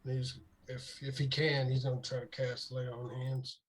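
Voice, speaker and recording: A man playing a tabletop game, describing his character's actions in a halting way with many fillers. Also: medium pitch, level tone, slightly rough, poor audio. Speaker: player.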